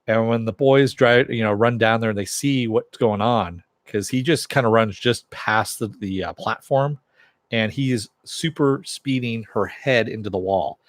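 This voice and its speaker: A man's voice: fairly low pitch, moderate pace, no echo. A man casually recapping a TV episode in a chatty way, chuckling and acting out characters' lines in a raised voice. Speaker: TV episode reviewer.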